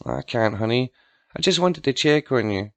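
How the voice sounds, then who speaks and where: A man's voice: mid-range voice, animated, normal speed, creaky, fairly bright tone, no room sound. A man voicing a loving, fierce middle-aged aunt who defends her niece, with a raised, emotional delivery. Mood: affectionate. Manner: emotional, pleading and defiant.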